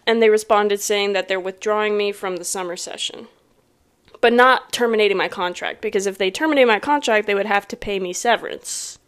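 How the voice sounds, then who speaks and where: A woman's voice: mid-range voice, a little fast, fairly bright tone. A woman co-hosting a podcast in casual chat, with a playful, joking manner. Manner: playful, laughing, casual banter. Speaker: podcast co-host.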